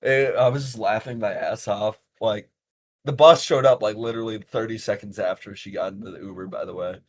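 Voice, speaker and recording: Young guy podcasting, kinda low voice, swears a lot, loose and animated, faint rumble behind. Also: a little fast. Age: young adult. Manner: animated, swears freely, lots of fillers. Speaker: podcast host. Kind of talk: casual podcast storytelling.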